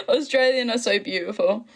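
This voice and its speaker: A woman's voice: a little high, expressive, fairly bright tone. A chatty, giggly English woman in her twenties from the east of England, hosting a casual live stream and answering viewer comments. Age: 20s. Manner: chatty and giggly, quick asides. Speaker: livestream host.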